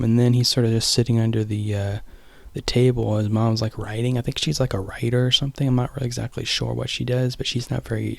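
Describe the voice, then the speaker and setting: Young man, low gravelly voice, rambling casual recap, fillers and restarts, dry close sound. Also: darkish tone, dry recording. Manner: rambling, many fillers and restarts, sometimes drops to a whisper. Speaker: vlogger.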